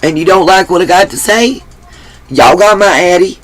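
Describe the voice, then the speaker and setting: A woman's voice: on the low side, normal speed. A woman hosting her own livestream, talking bluntly and emphatically and swearing freely. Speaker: livestream host. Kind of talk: livestream commentary.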